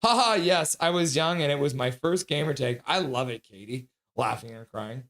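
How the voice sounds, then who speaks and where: A man's voice: mid-range voice, fairly even intonation, normal speed, a bit bright. A man hosting a hockey livestream, reading viewers' chat messages aloud and chatting back casually.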